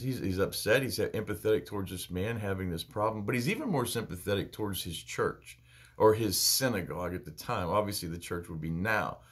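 Guy teaching a bible study, earnest and plain, mid-pitched voice, repeats stuff to drive it home. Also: a bit bright. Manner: earnest, plainspoken, with emphatic repetition.

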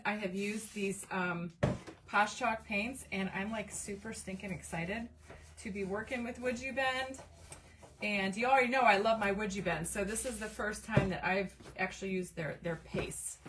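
A woman's voice: mid-range voice, a bit bright, a little hiss or hum. Chatty woman live-streaming a craft, distant mic. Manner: chatty, reads viewer comments aloud, many fillers. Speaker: livestream craft host. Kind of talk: casual live-stream chat while crafting. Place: home craft room, indoors.

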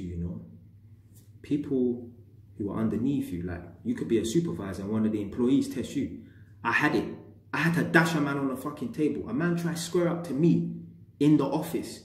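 A man with a London accent ranting to camera in street slang, blunt and heated. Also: mid-range voice. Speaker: vlogger. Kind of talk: casual rant to camera. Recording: echoey room.

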